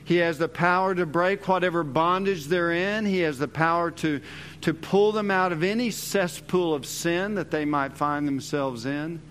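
A man's voice: a little high, moderate pace, fairly bright tone, slight background noise. A male pastor delivering an expository sermon, emphatic and repeating his key phrases.

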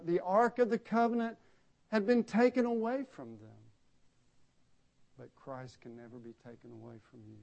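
A man delivering a sermon in a fairly high voice. He builds to loud, emphatic peaks and then sinks into quiet, solemn low phrases. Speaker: preacher.

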